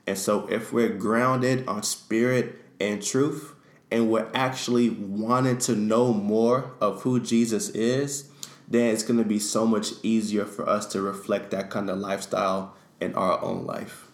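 A man's voice: lowish voice, steady tone, unhurried. A man co-hosting a faith discussion, talking in an earnest, teaching way. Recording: echoey room.

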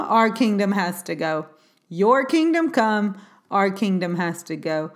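A woman hosting a podcast, giving an earnest devotional talk on prayer with casual fillers. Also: a little high. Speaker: podcast host.

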